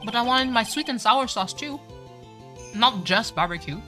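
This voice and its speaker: Chatty streamer lady, swears a bunch, says like constantly, crisp bright tone, soft game music behind. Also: fairly high pitch, animated, normal speed. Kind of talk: casual live-stream chat.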